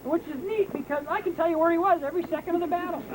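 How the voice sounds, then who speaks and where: A man guiding an outdoor battlefield tour, telling history as a lively story and acting out what people said. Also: extremely high pitch, very fast. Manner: lively storyteller, acts out quotes. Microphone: hand-held camera. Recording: outdoor camcorder recording with noise.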